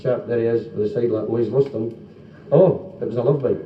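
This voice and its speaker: A man's voice: mid-range voice, fairly quick. A Scottish man telling jokes and singing comic songs in live club comedy, with playful banter. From Scotland. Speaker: stand-up comic and singer. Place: police social club function room. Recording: dull roomy 1970s live club recording from a distance. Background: band music and laughing audience.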